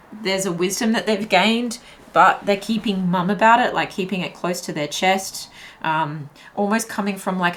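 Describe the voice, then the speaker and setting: Her voice sits on the low side with a fairly bright tone. Reading tarot intuitively to camera for viewers, she chats and thinks out loud, full of fillers and restarts.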